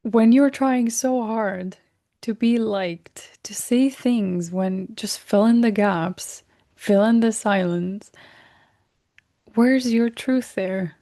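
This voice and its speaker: A woman hosting a recorded self-help workshop. She speaks gently and reflectively, corrects herself mid-sentence, and drops into soft whispers on key words. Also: fairly high pitch, takes it slowly. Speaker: workshop host.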